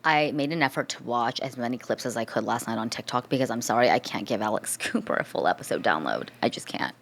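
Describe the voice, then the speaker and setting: Very low-voiced woman podcast co-host. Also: lively intonation, fast talker, gravelly, fairly bright tone. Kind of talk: casual pop-culture gossip chat.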